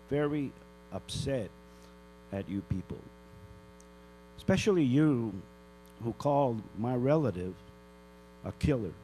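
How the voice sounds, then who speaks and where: A man's voice: mid-range voice, mellow, slight background noise, low-quality recording. An older man from northern New Mexico giving an angry public comment at a town council meeting, scolding and firing off rhetorical questions.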